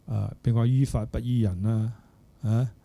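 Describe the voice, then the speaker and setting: An older man, a Buddhist monk, giving a dharma talk in an unhurried way, pausing to search for words and checking in with the listeners. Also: mid-range voice, steady tone, gravelly, mellow. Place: Buddhist centre hall.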